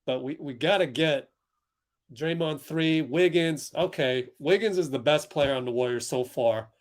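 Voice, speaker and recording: On a live stream where he watches basketball along with viewers, a young man vents with exasperation, often laughing and sighing. He talks a little slowly, and his voice is on the high side.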